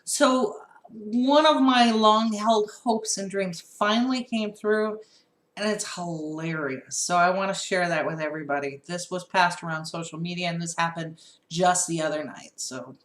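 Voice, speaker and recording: A woman co-hosting a casual political chat show, telling stories with animated laughter. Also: on the low side, unhurried, roomy sound. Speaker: podcast co-host.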